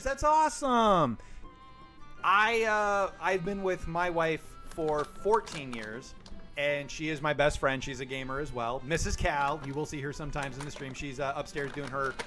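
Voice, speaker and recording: A man in his forties with a notably high voice chats casually while streaming a game. He jokes around and tells animated stories. Faint music plays underneath. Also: moderate pace. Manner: joking, animated storytelling. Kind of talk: casual chat while gaming.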